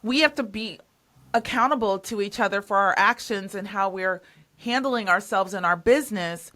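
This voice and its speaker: Bright-voiced emphatic woman host. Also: mid-range voice, moderate pace. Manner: emphatic, repeats herself when stressing a point. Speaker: podcast host. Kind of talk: casual interview chat.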